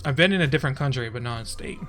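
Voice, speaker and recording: A man's voice: mid-range voice, expressive, racing, fairly bright tone, soft background music. A young man from Texas chatting casually on his stream, often laughing and trailing off mid-thought.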